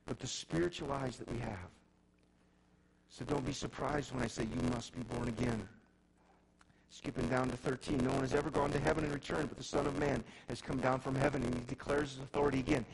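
A middle-aged man preaching a sermon as pastor, often restarting words and swinging between loud emphasis and quiet intensity. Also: medium pitch, fairly even intonation, fairly quick, a little hiss or hum, low-quality recording. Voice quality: gravelly.

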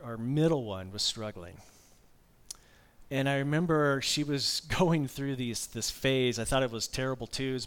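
A man's voice: mid-range voice, a bit bright, clear, resonant tone. Man in his fifties preaching conversationally. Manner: conversational storytelling with candid asides. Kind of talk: sermon.

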